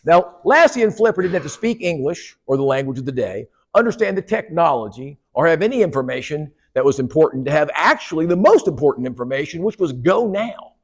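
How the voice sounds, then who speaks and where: A man's voice: fairly high pitch, very animated, fairly quick, few pauses, slightly rough. A man giving a humorous keynote speech at a conference, joking with and teasing the audience. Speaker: keynote speaker. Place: conference hall.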